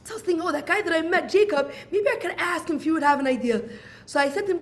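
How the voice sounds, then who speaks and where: This woman, in her 40s and from Brooklyn, USA, speaks very fast in a very high-pitched voice while recounting a personal story. Animated throughout, she acts out exchanges and says "I'm like" again and again.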